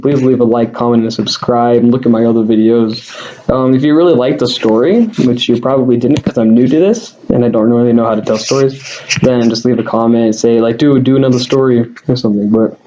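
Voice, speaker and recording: A man's voice: medium pitch, fairly even intonation, fairly quick, warm tone, highs cut off, slight background noise. A young man casually telling a personal story to camera as a vlogger, rambling with lots of fillers and self-deprecating asides.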